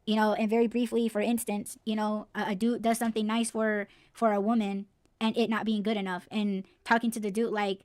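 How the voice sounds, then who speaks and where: A woman's voice: mid-range voice, little pitch movement, fairly quick, a little mellow, smooth, no room sound. Blunt, swearing woman podcast host. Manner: blunt, heated, swears freely. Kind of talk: casual podcast rant.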